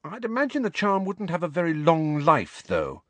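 A man's voice: on the high side, wildly swooping pitch, normal speed, no echo, voice pushed up. Man voicing a know-it-all schoolgirl witch. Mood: explaining. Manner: earnest, explaining, a bit bossy. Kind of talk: audiobook character voice.

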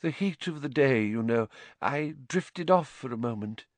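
A man putting on a fussy older woman seer, light breathy voice, dreamy and coaxing, swoops way up and down, hushed. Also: mid-range voice, expressive, unhurried, no echo, pitched above the performer's own voice, lightly acted. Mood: dreamy, affronted. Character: eccentric older female seer teacher, misty and fussy.

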